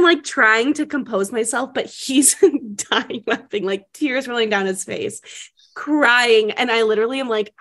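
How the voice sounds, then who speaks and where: A woman's voice: on the high side, a little slow, fairly bright tone. A young woman co-hosting a casual chat, telling stories and often laughing as she talks. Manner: giggly, laughs through her stories. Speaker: podcast co-host.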